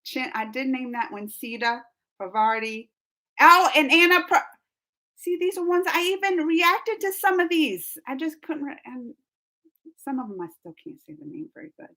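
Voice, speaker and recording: A woman with a somewhat high voice chats casually with her live-stream audience. She rambles from thought to thought and leans on "like" as she goes. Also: moderate pace, bright, forceful tone. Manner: chatty and rambling, says "like" a lot. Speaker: live-stream host reading chat. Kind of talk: casual live-chat talk.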